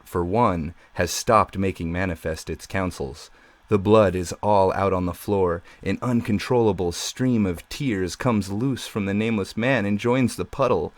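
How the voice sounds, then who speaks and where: A man, the author, reading his science fiction novel aloud as an audiobook in a measured, dramatic way. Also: on the low side, darkish tone, no echo. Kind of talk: scripted novel narration.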